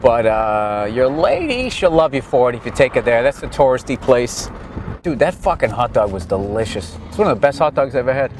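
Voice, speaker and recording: A man's voice: mid-range voice, sing-song, a little fast, a little hiss or hum, poor audio. A man vlogging outdoors as he moves down a street, riffing in a crude, sarcastic, comedic way. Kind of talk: profane comedic ramble while riding down a street. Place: outdoors on a city street, moving.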